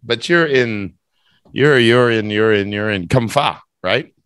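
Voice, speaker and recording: A man's voice: fairly low pitch, takes it slowly, fairly bright tone, smooth, dry recording, studio quality. A man teaching English, running a speaking test over a video call with a playful, teasing manner.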